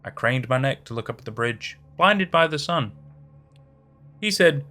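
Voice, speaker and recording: A man narrating a horror story in a dramatic, expressive reading. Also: medium pitch, moderate pace. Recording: faint background music.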